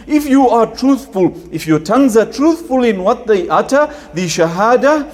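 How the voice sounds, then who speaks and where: A male preacher giving a sermon, rattling off Arabic prayers and chanting Quran verses between slower explanation. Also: high voice, lively intonation.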